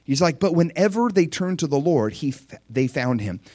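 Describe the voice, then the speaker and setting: A middle-aged man delivers a sermon in a slightly high voice, recorded close and dry. He is animated, often leaping into excited, shouted character voices as he acts out the story. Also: normal speed, no room sound. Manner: animated, acts out excited voices of God with big pitch jumps. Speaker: pastor.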